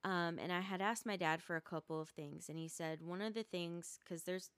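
A woman with a lowish, smooth and resonant voice hosts a casual solo podcast, talking from home. She rambles, trips over her words and restarts sentences often. The sound is close and dry. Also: fairly even intonation, moderate pace, fairly bright tone, no echo. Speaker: podcast host. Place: rural home.

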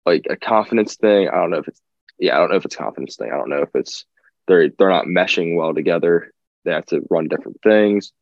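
A man's voice: low-pitched, fast, no room sound, dull audio. A young man co-hosting a podcast, laid-back and hesitant, often repeating himself. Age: young adult. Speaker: podcast co-host. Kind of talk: casual chat.

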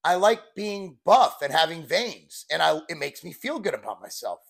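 A man's voice: on the high side, very animated, normal speed, creaky, a bit bright. A man in his forties, a fitness coach, talking candidly and bluntly in a rambling, casual vlog style. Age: 40s.

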